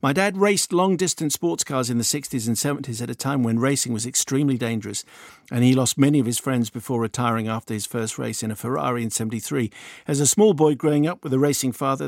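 A man from the UK co-hosting a film radio show, reading out listener emails and chatting briskly. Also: mid-range voice, gravelly, no echo, studio quality. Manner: brisk, reads listener emails aloud, then chats. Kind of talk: casual radio chat, reading letters aloud.

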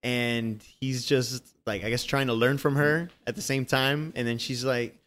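Man, casual chat, rambling, animated, swears a lot, middle pitch. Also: moderate pace. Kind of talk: casual movie discussion.

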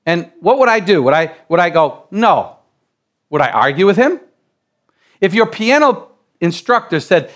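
Male preacher, middle-aged, from the United States, high voice, animated sermon that climbs to shouts. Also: normal speed. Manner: animated preaching, builds to loud exclamations; repeats and restarts phrases while building up.

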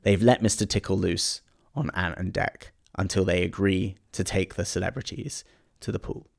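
A man's voice: sits low, moderate pace. A man improvising an absurd comic story with a friend, often laughing. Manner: gravelly, laughs often, builds on the other's jokes. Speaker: comedy podcast co-host.

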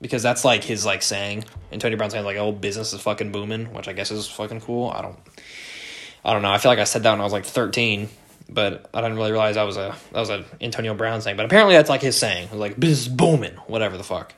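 A man's voice: on the low side, steady tone, fast talker, a bit bright. Rambling, cursing young American man. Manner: rambling, swears often, many fillers and restarts. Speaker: podcast host. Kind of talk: casual solo podcast monologue.

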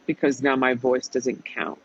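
In a husky mid-range voice, a little slow, a man tells the story of his maddening time on a reality show in a casual chat. He swears, stresses his points and acts out what others said. The lo-fi audio is dull.

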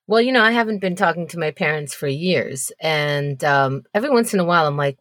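A woman's voice: deep voice, lively intonation, a little fast, few pauses, a bit bright, dry recording, clean studio sound. A woman co-hosting a podcast, telling frank stories with sarcastic, profane asides. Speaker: podcast co-host. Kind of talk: casual podcast chat.

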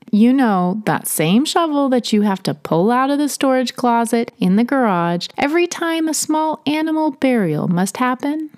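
A woman's voice: fairly high pitch, a little mellow. A woman from Tennessee, telling personal stories in a chatty way and laughing between them. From Tennessee, USA. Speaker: storyteller. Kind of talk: personal storytelling narration.

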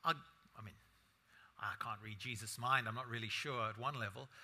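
A man's voice: medium pitch, steady tone, moderate pace, pushed and bright. A man preaching a sermon as a pastor, in a conversational style full of rhetorical asides to the congregation.

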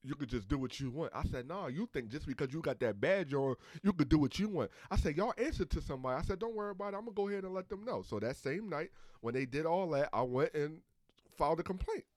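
A man casually telling a story among friends, animated and acting out the other people's lines. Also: a little high, quick pace, dry recording.

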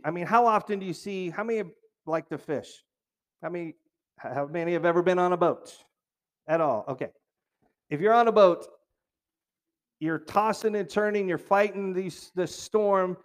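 A man preaching a sermon in a conversational way, with jokey asides and questions put to the congregation. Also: high voice. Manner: jokey asides, restarts phrases.

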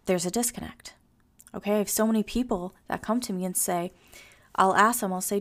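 A woman hosting a solo podcast, talking directly and motivationally and acting out the complaints clients bring her. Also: mid-range voice. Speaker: podcast host and coach.

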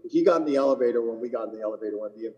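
Man, mellow dark tone, casual podcast chat, rambling stories, long reverb in the room. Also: mid-range voice, rapid-fire, highs cut off. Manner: rambling anecdotes with laughs and profanity. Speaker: podcast co-host, PGA Tour caddie.

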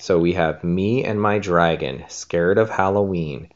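A woman's voice: a bass voice, a little slow, darkish tone, dull audio. A woman hosting a children's story show, reading a picture book aloud in a playful, coaxing way. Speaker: host and story reader.

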